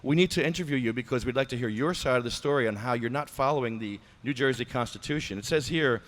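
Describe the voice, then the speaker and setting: An abrasive male podcast host with a mocking edge, talking at an everyday middle pitch. He rants and needles in an informal talk-show manner. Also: quick pace, a bit bright. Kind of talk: ranting talk show with prank-style phone call.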